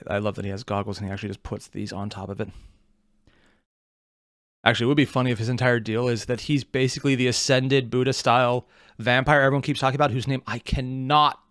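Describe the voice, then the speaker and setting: A man's voice: medium pitch, fairly even intonation, quick pace, a bit bright, no echo, studio quality. A man reacting to an audio drama, rambling casually with self-corrections and swearing. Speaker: reaction video host.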